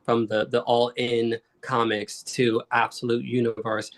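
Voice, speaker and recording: A man's voice: mid-range voice, little pitch movement, a little slow. A man guesting on a casual comics chat, rambling and saying "like" a lot.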